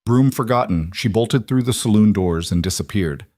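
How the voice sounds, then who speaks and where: A man narrating a western story in a measured, grave storytelling manner. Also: fairly low pitch, a little mellow, dry recording, studio quality.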